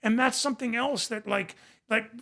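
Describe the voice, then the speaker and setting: A man's voice: very high-pitched, normal speed, creaky, pushed and bright. A man speaking as a podcast guest and recovery coach, in passionate conversation, emphatic and repeating phrases for emphasis.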